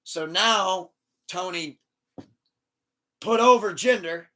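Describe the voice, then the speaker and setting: A man hosting a podcast in casual chat, telling the story in an animated, swearing rant. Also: sits high, slow. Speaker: podcast host.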